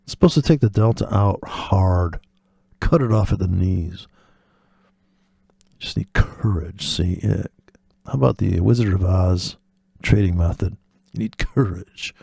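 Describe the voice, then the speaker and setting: This forex trading video's host speaks in a deep, mellow voice with vocal fry and a breathy edge, at a moderate pace. Over clean, echo-free studio sound, he rambles casually and sardonically, cursing, drifting into tangents and voicing imagined characters in quotes.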